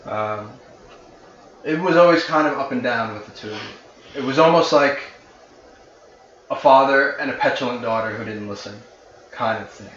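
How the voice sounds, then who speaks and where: A man's voice: medium pitch, moderate pace, pauses often, fairly bright tone, a little hiss or hum. A man narrating a tabletop game as game master in a loose, conversational way with many fillers. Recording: roomy, slightly dull recording.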